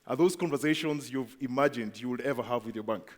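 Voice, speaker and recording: A man's voice: mid-range voice, steady tone, fast, few pauses. A man giving a presentation to an audience, chatty and asking the crowd questions. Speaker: company speaker at event. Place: large event hall. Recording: long hall reverb.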